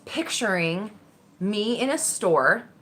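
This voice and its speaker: A woman telling a personal story casually, candid and animated, swearing freely and acting out the voices in her head. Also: medium pitch, takes it slowly. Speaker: vlogger.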